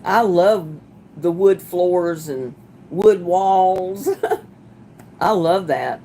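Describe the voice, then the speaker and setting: A woman hosting a casual livestream, chatting with viewers as she reads their comments, sympathetic and quick to laugh. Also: fairly low pitch, mellow, a little hiss or hum. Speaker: livestream host.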